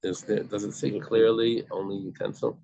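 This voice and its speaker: Low-voiced man teaching a Talmud class. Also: flat delivery, normal speed, gravelly, dark tone, no echo, highs cut off. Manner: explains step by step with everyday examples and frequent restarts. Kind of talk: casual study-group lesson.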